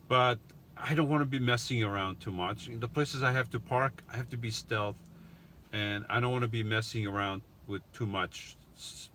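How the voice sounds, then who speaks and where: Middle-aged man, slightly low voice, crisp forceful tone, casual livestream chat, phone mic in a van. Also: slight background noise. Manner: chatty, reads viewer comments aloud and answers them. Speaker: vlogger hosting a live Q&A.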